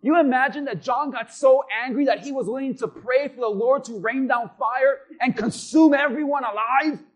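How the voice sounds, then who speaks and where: A man's voice: extremely high pitch, moderate pace. A male pastor preaching a sermon, asking the congregation questions and acting out quotes in between. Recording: dull lo-fi recording.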